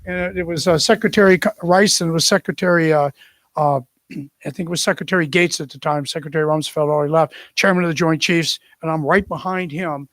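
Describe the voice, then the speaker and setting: Brief: older ex-officer in his sixties, fairly high voice, lively anecdotal delivery, dry close sound. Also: fairly quick, no echo. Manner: animated storyteller who acts out the people in his story. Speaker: retired military officer. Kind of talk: anecdotal storytelling.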